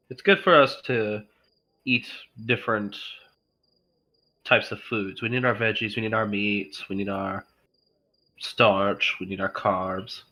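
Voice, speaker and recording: A man playing a tabletop game with friends, speaking in character in a steady, fatherly way. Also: fairly low pitch, takes it slowly, long pauses. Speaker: tabletop player. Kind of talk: casual in-character play.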